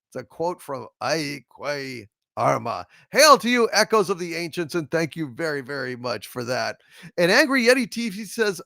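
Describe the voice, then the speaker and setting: A male host in casual livestream chat, reading viewer messages aloud and answering them bluntly, with plenty of swearing and jokes. His voice sits a little high and is gravelly, and his pitch swings widely. The sound is dry and close. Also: sing-song, normal speed, bright, forceful tone, no echo. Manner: blunt, profane and joking.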